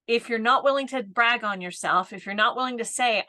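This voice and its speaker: Brisk, with hardly any pauses, a woman in her fifties delivers a casual live talk as a business coach. Her slightly high voice sounds pushed and bright, and she laughs often, tagging point after point with "right?".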